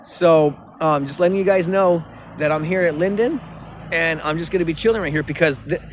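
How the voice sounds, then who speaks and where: A man's voice: on the high side, a little fast, a little hiss or hum. Agitated profane man rambling outdoors. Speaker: vlogger. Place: outdoors by a river and a bridge.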